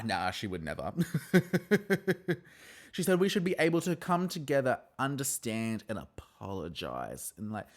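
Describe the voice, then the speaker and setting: A man hosting a podcast, recapping a reality show in casual chat, swearing, laughing and acting out the cast's quotes. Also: on the low side. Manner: chatty, animated, swears and laughs often, acts out quotes.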